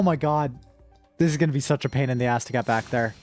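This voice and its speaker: A woman's voice: extremely low pitch, fast talker, darkish tone, dry recording, soft background music. A woman streamer chatting casually with her viewers while gaming, rambling and emotional, with sudden frustrated outbursts.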